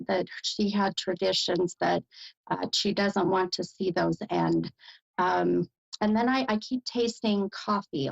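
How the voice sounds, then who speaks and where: An American woman with a gravelly, fry-tinged voice gives a psychic medium reading, full of ums and pauses. The sound is dull and lo-fi. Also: medium pitch. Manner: hesitant, lots of fillers, animated bursts of delight.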